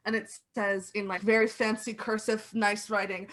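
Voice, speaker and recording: A woman's voice: mid-range voice, little pitch movement, normal speed, few pauses, fairly bright tone. A woman narrating as game master in a casual, filler-heavy way.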